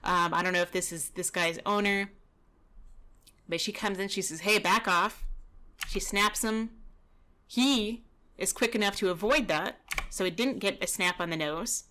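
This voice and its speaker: Woman, dog trainer, mid pitch, relaxed conversational commentary over footage. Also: moderate pace. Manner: relaxed, chatty, explaining with frequent "you know" and "kinda".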